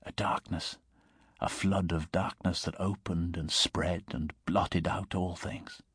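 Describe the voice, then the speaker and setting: A man reading a short story aloud in a measured, steady narrating voice. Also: sits low, slightly rough, no room sound, clean studio sound. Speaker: reader.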